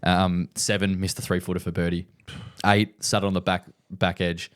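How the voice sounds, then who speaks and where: Give me a rambling man with a lowish voice, chatting casually as a podcast co-host. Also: level tone, moderate pace, smooth. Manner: rambling, repeats himself, laughs often. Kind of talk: casual chat.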